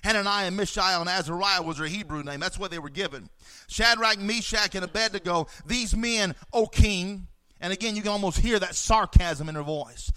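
A man's voice: high voice, normal speed, bright, forceful tone. A man preaching a fervent sermon, reading scripture aloud and swelling for emphasis.

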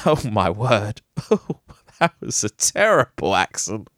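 A man's voice: fairly low pitch, sing-song, slow, fairly bright tone, no echo, studio quality. A man hosting a podcast, reading news items and breaking off into jokey, rambling asides, laughing at himself. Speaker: podcast host.

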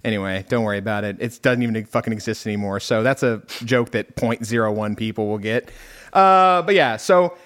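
A man's voice: on the low side, a little fast, a bit bright. A man from Houston co-hosting a podcast, chatting casually with frequent swearing and laughter. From Houston, Texas. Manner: rambling, profane, laughs often. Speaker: podcast co-host. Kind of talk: casual chat.

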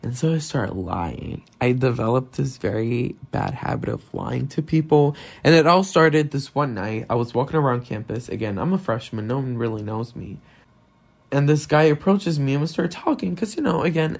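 A man's voice: medium pitch, expressive, moderate pace, gravelly, a little mellow, husky. A young man with a non-native English accent, hosting a podcast in a candid, self-deprecating solo monologue and swearing often. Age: young adult. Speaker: podcast host.

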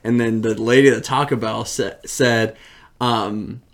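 A man's voice: medium pitch, unhurried. Young man telling a story. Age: young adult. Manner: animated, laughs through his own story. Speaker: podcast co-host. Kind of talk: casual storytelling chat.

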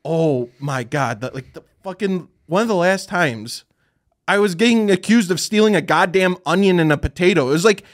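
Young male podcast co-host, salty ranter, slightly higher voice. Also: lively intonation, moderate pace. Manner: ranting, profane, laughing at himself. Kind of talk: casual chat.

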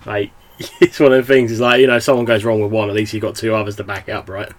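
A man's voice: on the low side, flat delivery, fast talker. A young man hosting a podcast, chatting casually in a rambling way with lots of fillers and laughter. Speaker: podcast host. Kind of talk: casual chat.

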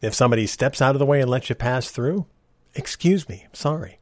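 A man's voice: mid-range voice, fairly even intonation, quick pace, dry recording. A middle-aged man hosting a podcast, talking casually in an earnest, ranting way, on a close podcast mic. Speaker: podcast host. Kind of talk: casual monologue.

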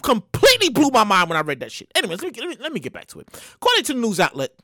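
A man giving casual news commentary in an animated way, swearing, stammering and restarting, with sudden loud mock exclamations. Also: high voice, very fast, no room sound, clean studio sound.

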